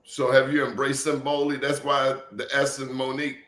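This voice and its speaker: A man's voice: mid-range voice, flat delivery, normal speed, a bit bright. A man hosting an interview, asking blunt, joking questions in a casual tone. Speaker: talk show host. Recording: echoey room with faint noise.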